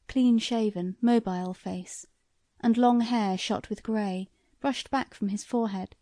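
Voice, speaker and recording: A woman narrating a classic short story in a measured, even reading. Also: on the high side, dry recording, studio quality. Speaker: audiobook narrator. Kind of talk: scripted narration.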